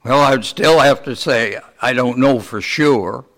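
Slow, questioning male preacher. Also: mid-range voice, fairly bright tone. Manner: asks the congregation many rhetorical questions; slow, deliberate delivery. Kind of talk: sermon.

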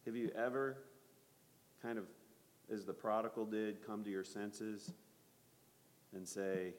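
A man's voice: on the low side, fairly even intonation, slow, long pauses. Bible study leader, male, conversational, asks the room questions, echoey hall.

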